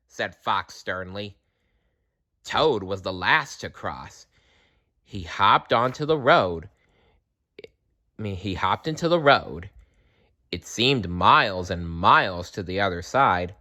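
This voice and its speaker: A man reading a children's story aloud in an expressive way, sometimes correcting himself. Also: on the low side. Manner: slow, expressive reading with small self-corrections.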